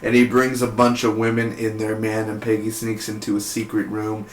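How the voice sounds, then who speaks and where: A man's voice: lowish voice, monotone, normal speed. A man giving a casual, rambling recap review of a TV episode in an offhand, slangy way. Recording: roomy echo.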